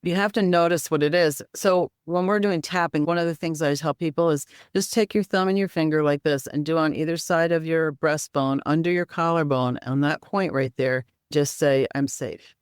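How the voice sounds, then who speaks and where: A woman's voice: low voice, normal speed, few pauses, smooth, dry recording, clean studio sound. A woman guest in an interview, explaining healing practices and teaching simple exercises step by step. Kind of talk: interview conversation.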